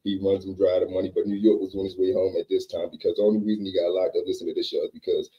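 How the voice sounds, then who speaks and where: A man telling a comedic prison story in a casual, animated way, acting out each character. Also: deep voice, rapid-fire, muffled recording. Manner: animated, acts out every character.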